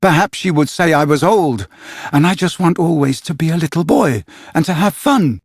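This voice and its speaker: A man acts out a proud boy who refuses to grow up, pitching his voice high and boyish. He answers brashly and defiantly. The audiobook recording is dry and close to the mic. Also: expressive, moderate pace, breathy edge, no echo.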